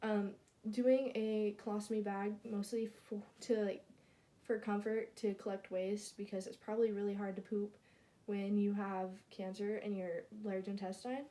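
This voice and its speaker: A woman with a mellow, warm tone talks through a class presentation. She stumbles often, fills gaps with um and like, and restarts words partway through. Her pitch lifts when she reads out each new question. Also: level tone. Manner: halting, many ums and likes, self-corrects mid-word. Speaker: student presenter.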